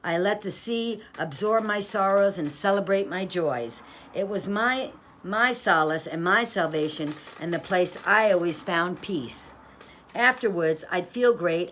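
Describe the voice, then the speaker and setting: A woman's voice: fairly low pitch, slight background noise. A woman author reading from and talking about her own inspirational book, upbeat and a little preachy, rolling through long rhythmic lists. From New York.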